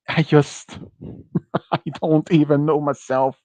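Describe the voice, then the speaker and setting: A man's voice: a little high, darkish tone, no room sound. A man chatting with friends on a stream, speaking English with a Swedish accent, rambling and correcting himself. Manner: rambling, halting, self-correcting, laughs often. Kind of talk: casual chat with friends. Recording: muffled dry close mic.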